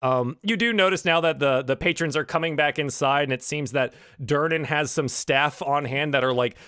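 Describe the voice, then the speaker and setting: A man's voice: fairly high pitch, normal speed, bright, forceful tone, clear, resonant tone, no echo, clean studio sound. A man narrating as game master of a tabletop game, rambling with many fillers and restarts.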